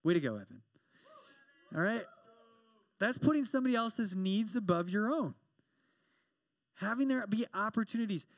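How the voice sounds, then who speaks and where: A young man preaching a sermon as a campus pastor, animated and joking, acting out quoted exchanges as he talks. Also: sits high, normal speed, long pauses, no room sound.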